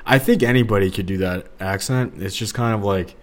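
Man, young adult, from the St. Louis area, very low voice, rambling solo podcast chat, lots of fillers. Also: normal speed. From Missouri, St. Louis area. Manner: rambling, digressive, full of fillers and restarts. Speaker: podcast host.

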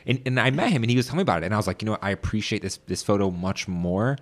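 A man hosting a casual interview with a fairly low voice. He is enthusiastic and talks easily, leaning on fillers as he goes. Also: animated, rapid-fire.

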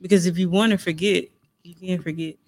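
A woman's voice: lowish voice, steady tone, brisk, a little mellow. A woman co-hosting a casual faith chat, speaking earnestly about God, healing and forgiveness.

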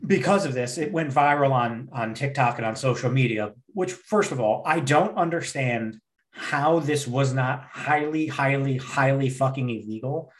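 A man's voice: medium pitch, normal speed. A man co-hosting a podcast, ranting heatedly in casual chat with lots of swearing. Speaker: podcast co-host.

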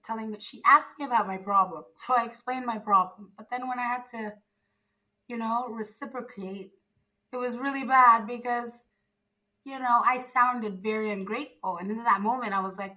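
A young woman from Zimbabwe, a podcast guest, tells her story in a bright, lively voice. She slips into the other people's lines as she quotes them, and she fills her speech with casual fillers. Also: on the high side, moderate pace, poor audio. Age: young adult. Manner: animated storyteller, acts out quoted dialogue, frequent fillers.

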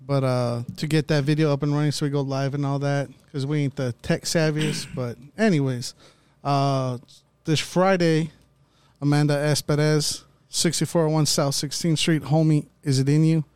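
A man co-hosting a casual podcast, talking in a relaxed, hesitant way with many fillers. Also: fairly high pitch, normal speed, clean tone, dry recording. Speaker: podcast co-host.

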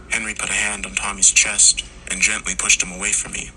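A man reading a scripted horror story in slow, hushed tones, sometimes dropping to a whisper. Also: deep voice, flat delivery, a little hiss or hum, low-quality recording. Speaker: narrator.

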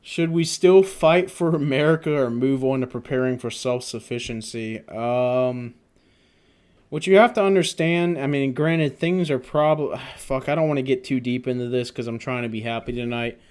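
A man's voice: medium pitch, moderate pace, a little mellow, smooth. A young man hosting a casual chat, swearing often and laughing through his stories. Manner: profane, laughing storyteller. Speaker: host.

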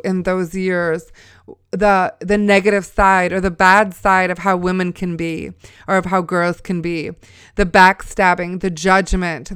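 A woman's voice: mid-range voice, smooth, dry recording, clean studio sound. A woman in her forties telling a family story as a spoken testimony, conversational with preacher-like asides. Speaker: mother sharing a testimony.

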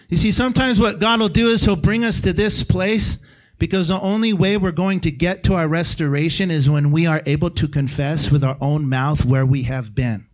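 Preaching man, swings from shouts to hushes. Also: a little high. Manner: conversational preaching with sudden shouted peaks and hushed drops. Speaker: guest pastor. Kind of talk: sermon. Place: church sanctuary.

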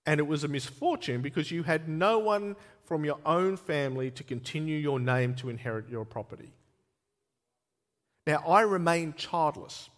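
A man preaching a sermon, expressive, slowing down and getting emphatic when he voices scripture. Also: fairly high pitch. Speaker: pastor. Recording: long reverb of a church hall.

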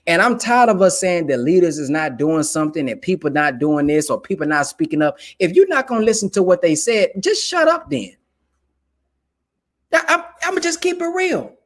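A young adult man delivers casual, colloquial commentary straight to camera, emphatic and preachy in tone. His voice is high-pitched with lively intonation, and he speaks briskly with few pauses.

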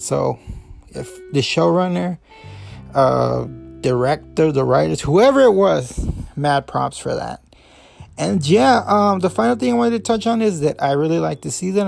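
A man's voice: fairly high pitch, vocal fry, darkish tone. A man hosting a podcast, giving a loose, rambling review full of fillers and restarts, a Spanish speaker. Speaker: podcast host. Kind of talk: casual review talk.

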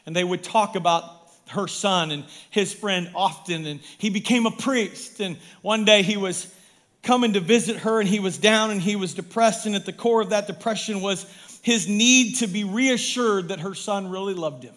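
A man with a notably high voice preaches a sermon as pastor. He drives his points home with emphatic, rising stresses, then drops to a hushed, near-quiet delivery. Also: normal speed. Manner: emphatic, swinging from loud to hushed.

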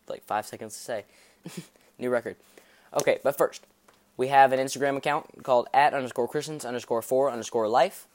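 A man hosts a podcast sermon in a loose, chatty way, rambling with fillers and joking at himself. His voice sits at a mid pitch and keeps an easy, casual flow as he preaches. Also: smooth, no echo. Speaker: podcast host.

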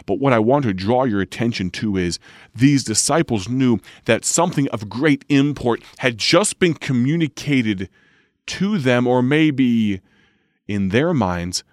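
A man, a radio preacher reading scripture and teaching in a slow, measured way, drawing out key words. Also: medium pitch, expressive, dry recording, clean studio sound.

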